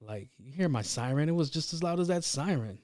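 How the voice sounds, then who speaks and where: A man's voice: a little high, brisk, no echo, clean studio sound. Profane, rambling man hosting a podcast. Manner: profane, rambling, animated retelling. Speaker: podcast host. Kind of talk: casual solo podcast storytelling.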